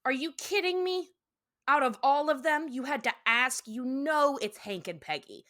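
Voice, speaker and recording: A woman's voice: high voice, expressive, moderate pace, sharp tone. A woman guest on a casual podcast, talking with enthusiasm, laughing often and acting out lines from a cartoon.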